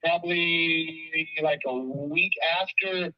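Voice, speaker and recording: A man's voice: fairly high pitch, takes it slowly, highs cut off. A man in casual conversation, recounting events in a rambling way, repeating words and swearing often. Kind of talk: casual phone chat.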